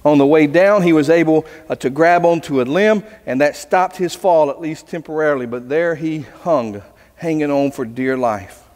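A man's voice: a little high, moderate pace, a little mellow, big-room sound. A man preaching as a pastor, earnest, telling a story with voices. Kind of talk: sermon. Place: church sanctuary.

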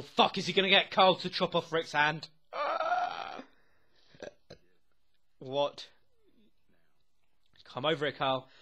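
A young man reacting to a TV episode as he watches. He talks excitedly, swears constantly and often laughs. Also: on the high side. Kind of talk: live reaction commentary.

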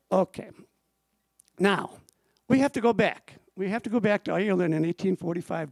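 Storytelling man with a gravelly voice. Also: sits high, darkish tone, dry recording. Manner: storytelling, emphatic, repeats phrases for effect. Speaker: author and storyteller giving a history talk. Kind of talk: live history lecture to an audience.

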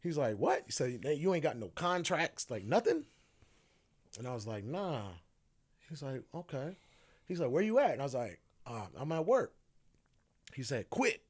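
A man with a voice of middling pitch, talking as a podcast guest. He tells his story casually, acts out each person's quoted lines and laughs often along the way. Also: sing-song, moderate pace, pauses often, a little mellow, husky.

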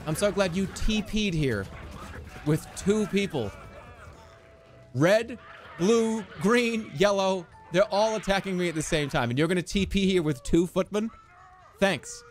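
A man streaming a strategy game, excitable and swearing, yelling commands at his units. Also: high voice, unhurried, faint music behind. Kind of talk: live gameplay commentary.

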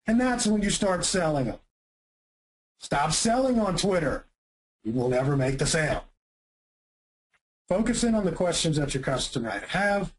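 A man presenting a marketing webinar, talking fast and with emphasis. His voice sits a little high for a man. He throws rhetorical questions at his listeners and then answers them himself. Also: very animated, low-quality recording.

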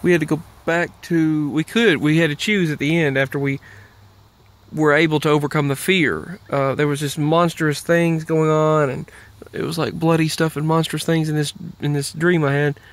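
A man's voice: on the high side, little pitch movement, normal speed, no echo. A man talking casually in a rambling monologue, with lots of restarts and trailing thoughts. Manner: meandering, many fillers and restarts.

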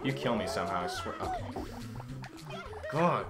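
A man's voice: mid-range voice, huge pitch swings, normal speed, vocal fry. A man giving let's-play commentary, easily frustrated, exclaiming and grumbling at the game as he plays. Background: game music.

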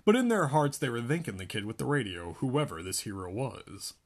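A man reading a book aloud in an animated way, often laughing between lines. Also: mid-range voice, brisk. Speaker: reader.

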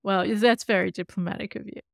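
A woman's voice: medium pitch, steady tone, fairly quick, creaky, dry recording, studio quality. A woman co-hosting an interview show, asking light, teasing questions. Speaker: co-host.

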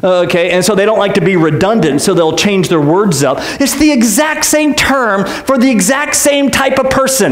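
Animated high-voiced male pastor preaching. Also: normal speed, hardly any pauses, reverberant. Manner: animated, joking, sarcastic asides. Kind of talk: sermon. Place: church.

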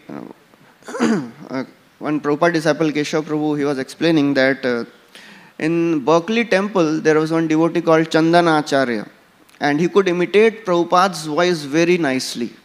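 A man with an Indian English accent giving a scripture class and telling stories, with frequent "you know" fillers. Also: fairly high pitch. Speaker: temple lecturer. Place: large temple hall. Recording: temple hall with long reverb.

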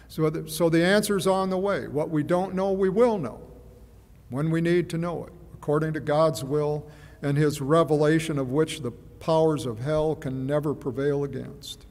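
A man preaching a sermon in a measured, musing way, often hesitating and repeating himself. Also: a little high, darkish tone. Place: church. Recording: long church reverb.

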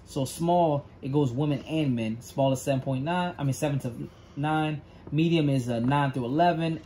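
A man's voice: a little high, mellow, slight background noise. A man casually reviewing sneakers, reading product details aloud and stumbling over words.

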